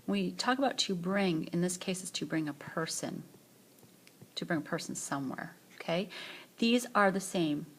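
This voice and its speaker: A woman French teacher giving a screencast grammar lesson, explaining patiently and modelling phrases slowly for repetition. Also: lowish voice, fairly bright tone. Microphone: voice-over on a tablet screencast.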